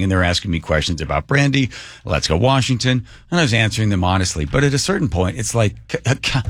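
A man co-hosting a radio talk show, telling a story in a casual, animated way and acting out the voices of the people he quotes. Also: slightly rough, no echo, studio quality. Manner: animated, acts out quoted voices, jumps pitch for emphasis.

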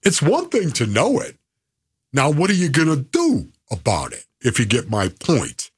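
Male sports radio host, husky tone, lively swooping delivery, playful and theatrical. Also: medium pitch, moderate pace. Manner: playful, theatrical, rattles off lists. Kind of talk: casual sports talk.

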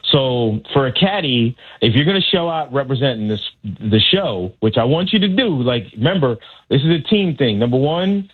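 A man who works as a golf caddy, a guest telling lively stories on a radio show and acting out the voices, heard over a tinny phone line. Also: medium pitch, moderate pace, hardly any pauses, husky. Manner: animated, acts out voices in his stories. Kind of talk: casual storytelling on a radio show.

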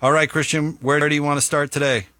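A man hosting a sports talk show, lively and joking, throwing questions to his co-hosts. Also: a little high, fast, no room sound. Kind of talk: casual sports radio banter.

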